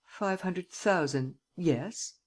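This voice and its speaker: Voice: mid-range voice, extremely slow. An audiobook reader voicing a wealthy captive man who answers in terse, evasive replies. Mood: guarded. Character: wealthy man held captive, guarded and curt. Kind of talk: audiobook character reading.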